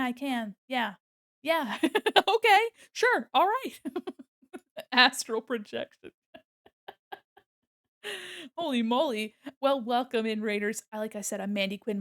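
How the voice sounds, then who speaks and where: A woman's voice: a little high, a bit bright. A young woman streaming as an illustrator, chatting casually with bubbly, giggly greetings to her viewers. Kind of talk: casual livestream chat.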